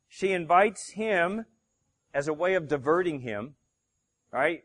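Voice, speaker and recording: A man's voice: sits high, expressive, measured pace, long pauses, fairly bright tone. A male pastor preaching a sermon, emphatic and fond of rhetorical questions to his congregation.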